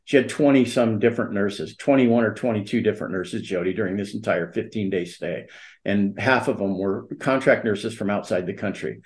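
A middle-aged man, an interview guest, recounting a personal story in an earnest, halting way and acting out the dialogue. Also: on the low side.

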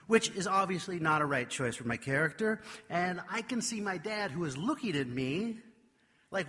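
A man delivers a storytelling sermon in a slightly husky, bright voice pitched a little high. He carries the tale with animated, self-mocking energy. His words ring with a long echo through a large church hall. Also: moderate pace. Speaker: preacher.

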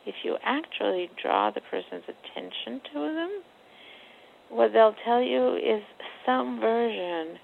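A woman psychotherapist on a phone interview, talking in a measured, searching way with many fillers. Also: fairly high pitch, expressive, vocal fry, slight background noise. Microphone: telephone. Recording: tinny phone line.

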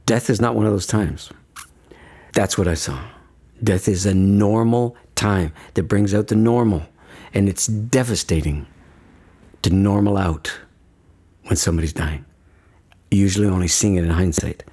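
Guy with a husky low voice, talking earnest and emphatic, keeps checking in with okay?. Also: a little slow, warm tone. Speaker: guest speaker on death and dying. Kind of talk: reflective conversational talk.

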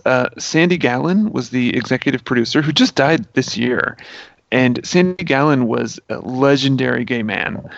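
A man retelling a movie plot in casual chat, animated and full of fillers. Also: mid-range voice, vocal fry, dry recording, dull audio. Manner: animated storyteller, many fillers.

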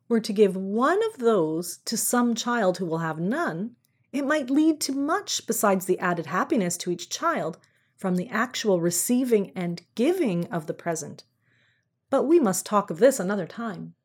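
A woman's voice: mid-range voice, animated, moderate pace, slightly rough. Santa Claus, old and kindly, as a woman reads him. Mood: earnest. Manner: warm, confiding, fond of toys.

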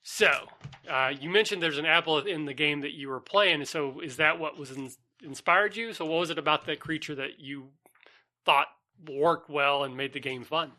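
Bright, kinda high guy hosting a gaming podcast, chatty, runs through monster stats. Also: normal speed. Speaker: podcast host. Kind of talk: casual tabletop gaming podcast.

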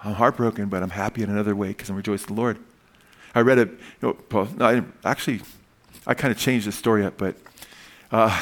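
A man's voice: on the low side, fairly bright tone. A male pastor preaching a sermon in a casual, folksy way, often saying "man" and telling jokes.

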